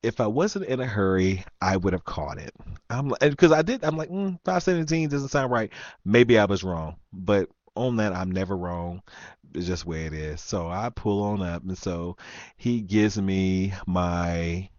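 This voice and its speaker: A man's voice: deep voice, measured pace, darkish tone, no room sound, lo-fi sound. A man hosting a live chat stream, telling a story in a casual rant, laughing often and trailing off with ums.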